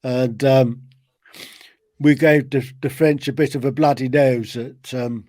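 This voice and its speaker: A man's voice: mid-range voice, fairly even intonation, unhurried, mellow, no echo. A man with a British accent chatting casually on a live stream and joking around. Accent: British English. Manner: jokey, slips into comic put-on accents.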